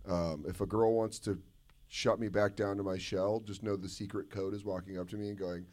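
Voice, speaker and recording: A man's voice: fairly low pitch, flat delivery, a little fast, a little mellow. A male comedian guest telling loose, profane stories at a live podcast taping, slipping into mocking voices. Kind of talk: loose comic storytelling.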